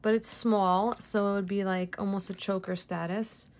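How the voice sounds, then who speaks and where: A woman's voice: medium pitch, fairly even intonation, moderate pace. A woman reseller chatting casually through an unboxing, gushing over each piece and laughing at herself. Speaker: jewelry reseller vlogger.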